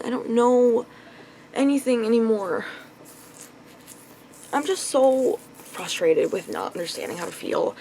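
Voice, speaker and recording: A young woman ranting in a casual vlog into her phone, rambling with lots of fillers and swearing, clearly frustrated. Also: on the high side, a little mellow, slight background noise, poor audio. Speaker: vlogger. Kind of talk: casual confessional vlog rant.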